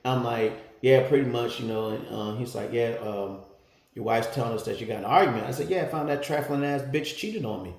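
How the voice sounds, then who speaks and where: A man's voice: medium pitch, brisk, creaky, a little mellow, reverberant. A man telling a story in casual, blunt, profane talk, getting heated as he retells an argument. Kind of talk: casual first-person storytelling.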